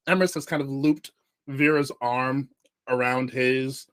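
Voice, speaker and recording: A man playing a tabletop game, speaking haltingly with lots of fillers. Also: medium pitch, fairly bright tone, clean tone. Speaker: player. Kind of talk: casual chat at a game table.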